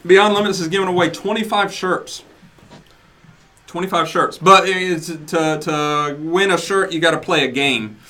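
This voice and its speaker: Upbeat man co-hosting radio, slightly high voice, sharp bright tone, plugs events. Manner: upbeat, promotional, talks in quick bursts. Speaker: radio co-host. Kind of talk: casual radio chat.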